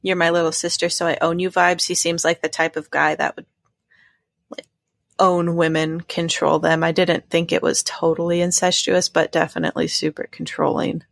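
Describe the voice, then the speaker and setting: A woman co-hosting a podcast in casual chat, her voice low and gravelly. She sounds relaxed and laughs often. The sound is dry and close. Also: normal speed, dry recording. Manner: relaxed, laughs often, reads a synopsis aloud. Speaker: podcast co-host. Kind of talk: casual chat about a film.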